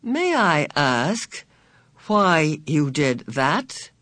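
A narrator voicing a bland, sinister man on a chair who talks in a slow, smooth, patronizing way. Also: medium pitch, sing-song, a bit bright, dry recording, studio quality, exaggerated voice. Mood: probing. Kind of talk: audiobook character voice.

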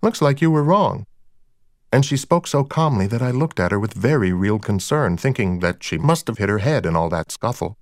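A man's voice: fairly low pitch, expressive, fairly quick, few pauses, darkish tone, no room sound. A man narrating a first-person crime story in a dry, wry storytelling manner. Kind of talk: audiobook narration of a crime novel.

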